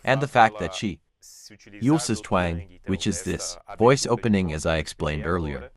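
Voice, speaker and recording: Low-voiced man explaining singing technique. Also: a little slow. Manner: calm, explanatory, walks through vocal anatomy step by step. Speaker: classical bass singer reviewing a vocal performance. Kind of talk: reaction commentary analysing singing technique.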